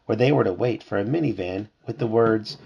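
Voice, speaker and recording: Dad with a gravelly voice reading a storybook aloud. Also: male voice, lowish voice, dull audio. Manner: lively read-aloud with character voices, pauses to chat. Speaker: father reading aloud to his child.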